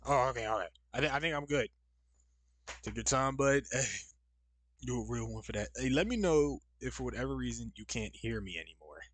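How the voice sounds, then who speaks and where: Young guy rambling to his stream chat, bouncy animated voice, dry close sound. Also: medium pitch, a little fast, no echo. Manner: rambling, talks straight to chat with slangy asides. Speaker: live streamer. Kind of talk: casual live-stream chat.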